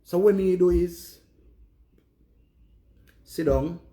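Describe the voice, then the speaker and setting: A man's voice: high-pitched, takes it slowly, dark tone. A man with a Jamaican accent giving an earnest, preachy monologue in Patois to his viewers. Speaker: live streamer.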